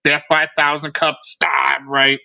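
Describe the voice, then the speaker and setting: Sarcastic guy ranting on his stream, kinda high bright voice, rambles on and on. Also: completely flat delivery, measured pace, gravelly. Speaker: livestream host. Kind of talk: ranting commentary on a livestream.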